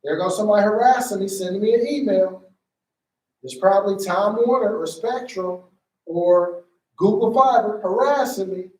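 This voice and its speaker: A man directing a stage play rehearsal, giving blocking notes and acting out lines in an animated way. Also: moderate pace, far from the mic. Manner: animated, acts out lines in a higher voice. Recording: echoey room, voice away from the mic.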